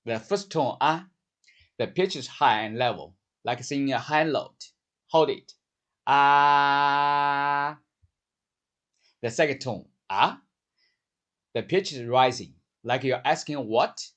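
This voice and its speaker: A man giving a scripted pronunciation lesson, speaking slowly and clearly and drawing out the vowels he demonstrates. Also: medium pitch, lively intonation. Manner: slow, clear demonstrative speech with drawn-out vowels. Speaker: language teacher.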